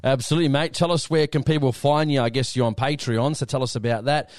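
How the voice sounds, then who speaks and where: A man's voice: medium pitch, fairly even intonation, fast, no room sound, clean studio sound. An Australian man hosting a podcast interview, friendly and matey in a casual chat. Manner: friendly, matey, says "mate" often. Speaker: podcast host.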